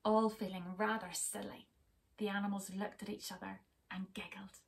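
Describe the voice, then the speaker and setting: A woman teacher reading a children's story aloud, expressive, dropping to hushed whispers and asking her young listeners to join in. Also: medium pitch, normal speed, creaky, far from the mic.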